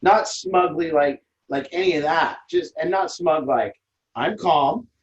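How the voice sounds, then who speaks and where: A man's voice: on the high side, unhurried, lo-fi sound. A man leading a recovery support group, talking earnestly and emphatically, often repeating phrases as he explains. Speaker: group leader.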